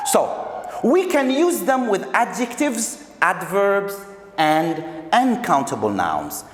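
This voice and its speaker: A male English teacher from Algeria giving a recorded video lesson, repeating key phrases and explaining step by step. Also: sits high. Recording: echoey room with long reverb.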